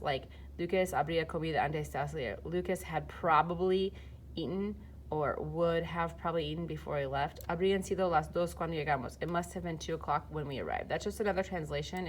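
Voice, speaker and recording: A low-voiced woman gives a recorded Spanish grammar walkthrough, explaining step by step in a relaxed way with fillers as she films and types. The audio carries a little hiss or hum.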